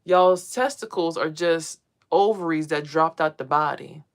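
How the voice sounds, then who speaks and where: A woman's voice: low-pitched, measured pace. A woman talking casually to her viewers as a spiritual vlogger, blunt and profane, telling stories with emphasis. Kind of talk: casual monologue to a live chat.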